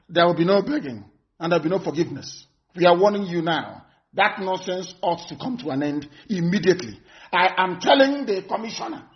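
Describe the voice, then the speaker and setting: A man delivers a live broadcast address, his voice pitched high for a man. He hammers home threats and warnings, repeating phrases for emphasis. The audio is dull and lo-fi. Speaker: movement leader.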